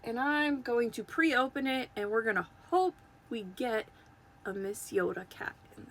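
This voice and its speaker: A woman chatting casually to viewers while unboxing toys, gushing and excitable, recorded on a phone. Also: fairly high pitch, a little slow.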